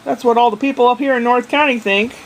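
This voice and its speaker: A woman's voice: fairly high pitch, fairly even intonation, quick pace, rough recording. An older woman in a casual video diary, chatty and meandering, with a self-deprecating manner. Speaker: vlogger.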